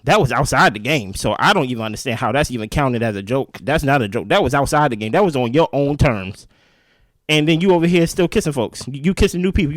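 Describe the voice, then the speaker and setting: A man's voice: medium pitch, no room sound. A young adult man hosting a show and recapping an episode in casual, opinionated chat, talking straight to viewers and often asking "right?". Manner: chatty and opinionated, addresses viewers directly, checks in with frequent "right?". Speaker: show host.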